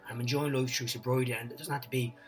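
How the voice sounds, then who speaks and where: A man, a guest on a chat podcast, telling stories in an excitable, rambling way and swearing freely. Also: medium pitch, rapid-fire, far from the mic, soft background music, low-quality recording.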